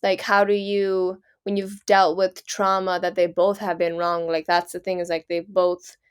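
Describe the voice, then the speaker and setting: A woman's voice: on the low side, little pitch movement, normal speed, clear, resonant tone. A woman co-hosting a casual podcast, explaining her ideas thoughtfully with plenty of "like" fillers. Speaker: podcast co-host. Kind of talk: casual chat.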